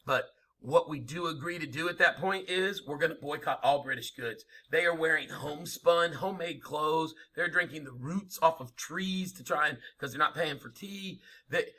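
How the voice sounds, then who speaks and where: A man's voice: fairly high pitch, normal speed, hardly any pauses, pushed and bright. A man lecturing a history class, emphatic and informal, asking rhetorical questions as he goes. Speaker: history teacher.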